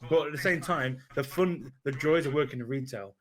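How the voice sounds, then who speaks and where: A man in casual banter with friends, animated and laughing, slipping into wrestling-promo delivery. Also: mid-range voice, fairly quick. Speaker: podcast guest, retail worker.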